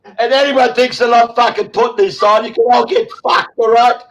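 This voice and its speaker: Fiery sixties Australian man, high voice. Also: steady tone, moderate pace, fairly bright tone, rough recording. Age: 60s. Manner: emotional, swearing heavily, rambling with restarts. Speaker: show host. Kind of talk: impassioned online chat.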